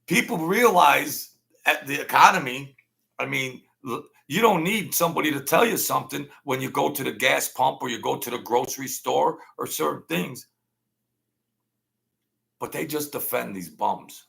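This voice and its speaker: A man's voice: mid-range voice, lively intonation, moderate pace, vocal fry, fairly bright tone. A man hosting a casual livestream rant, blunt and slangy, rambling and stuttering as he goes. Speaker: livestream host.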